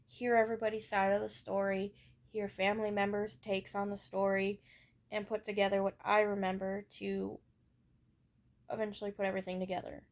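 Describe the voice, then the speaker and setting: Young woman, personal vlog storytelling, candid, rambling, frequent ums, mid pitch. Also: flat delivery, fairly quick. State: has hiccups. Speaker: vlogger.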